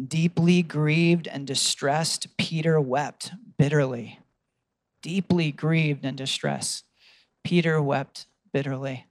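A man's voice: on the high side, a little mellow, dry recording. A man preaching a sermon, telling a story earnestly and asking his congregation questions.

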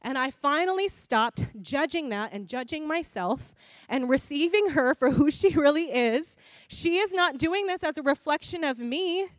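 Woman giving a chatty sermon, high voice, dry close sound. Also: normal speed, dry recording. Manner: conversational and expressive, laughs often. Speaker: preacher.

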